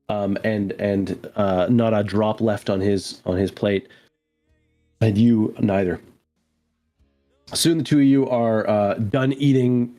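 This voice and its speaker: Low-voiced man running a tabletop game. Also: dark tone. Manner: loose, descriptive, many fillers. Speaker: game master.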